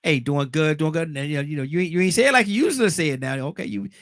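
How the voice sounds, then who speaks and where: A man's voice: fairly high pitch, fast, a bit bright, no room sound. A man hosting a live call-in talk show, chatty and joking with callers.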